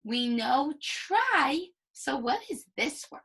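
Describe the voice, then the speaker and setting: A woman's voice: high voice, very animated, a bit bright. Patient woman teaching early reading. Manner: slow, patient, sounding out words. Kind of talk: early reading lesson for young children.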